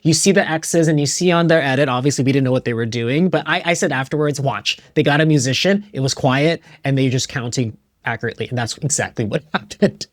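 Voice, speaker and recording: Host, male, animated storyteller in a dry room. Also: mid-range voice, fast, no room sound. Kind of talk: casual group conversation.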